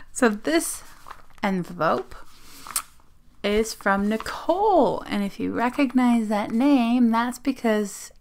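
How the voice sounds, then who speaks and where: A woman's voice: on the high side, expressive, slow pace, pauses often, slight background noise. A woman from Australia chatting casually at her desk as she opens mail on her phone camera, gushing, giggling and sometimes dropping to a whisper. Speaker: zine vlogger. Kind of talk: casual unboxing chat. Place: home desk.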